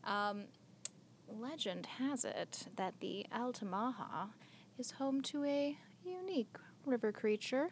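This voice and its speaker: A woman's voice: fairly high pitch, animated, slow, a little hiss or hum. A young woman co-hosting a podcast, chatty and giggly, telling a story with lots of filler words. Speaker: podcast co-host. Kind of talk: casual podcast chat.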